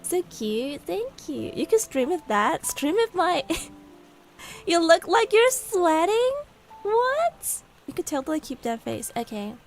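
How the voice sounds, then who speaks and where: Bubbly high-voiced woman streamer, soft music. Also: sing-song, unhurried. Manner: giggly, bubbly, reacting aloud to chat. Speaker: VTuber streamer. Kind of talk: casual live-stream chat with viewers.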